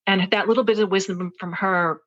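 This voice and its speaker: A woman's voice: medium pitch, steady tone, brisk, a bit bright. Earnest woman in her forties, lo-fi. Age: 40s. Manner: earnest, reflective, with many restarts and fillers. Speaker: podcast guest. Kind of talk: personal story told in conversation.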